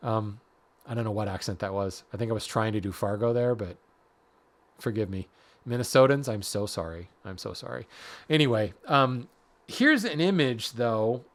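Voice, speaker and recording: Man, medium pitch, podcast host, casual explainer, self-deprecating, restarts sentences. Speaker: podcast host, hardwood lumber expert.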